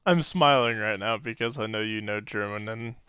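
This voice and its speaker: A man's voice: lowish voice, moderate pace, pushed and bright, slight background noise. A man co-hosting a podcast, telling stories in a rambling casual chat full of fillers and laughs. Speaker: podcast co-host.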